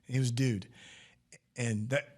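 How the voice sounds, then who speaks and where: A man's voice: medium pitch, fairly even intonation, slow pace, a little mellow. A man hosting a podcast in casual chat, rambling and chatty with frequent laughs and restarts. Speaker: podcast host.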